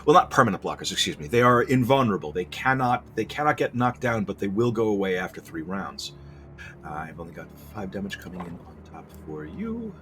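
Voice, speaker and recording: Man, casual gameplay commentary, rambling, self-deprecating, lowish voice. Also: sing-song, a little fast, background noise. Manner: rambling, self-deprecating, many restarts and fillers.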